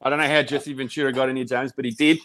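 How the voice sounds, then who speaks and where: Laid-back podcast host. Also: male voice, mid-range voice, level tone, rapid-fire, a bit bright. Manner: laid-back, joking banter. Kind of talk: casual podcast chat.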